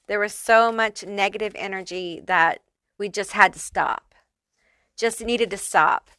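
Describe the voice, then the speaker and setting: Lady doing a chatty tarot reading, swears a lot, bright tense voice, super dry close mic. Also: medium pitch, measured pace, clear, resonant tone, no room sound. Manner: chatty, swears freely, many fillers. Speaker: tarot reader. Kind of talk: casual pick-a-card tarot reading.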